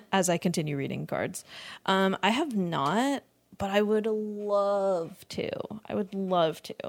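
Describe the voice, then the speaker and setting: A young woman in her twenties hosting a casual solo podcast, rambling and laughing often as she swears freely. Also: on the low side. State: lightheaded from not eating. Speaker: podcast host.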